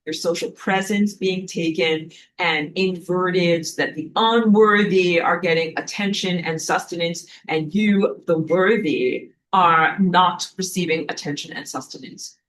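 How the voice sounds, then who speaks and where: A woman's voice: lowish voice, fairly even intonation, unhurried, few pauses, a bit bright. A woman giving a casual, dramatic spiritual lesson, stopping now and then to find her place. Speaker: spiritual teacher.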